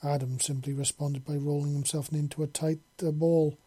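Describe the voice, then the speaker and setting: Audio story narrator, flat delivery, husky, mellow tone, dry close recording. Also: mid-range voice, normal speed, no echo. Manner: flat, steady delivery with coarse words.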